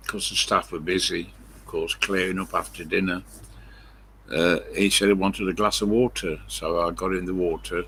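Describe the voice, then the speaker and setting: Older man on a live stream, deep gravelly voice, slow meandering storyteller with lots of fillers. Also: fairly even intonation, a bit bright, a little hiss or hum. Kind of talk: rambling anecdote on a live stream.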